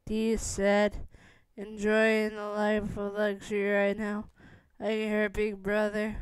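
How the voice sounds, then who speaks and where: A woman reading a fan story aloud in a halting, rambling way. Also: medium pitch, completely flat delivery, smooth, dry recording. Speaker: fan fiction reader.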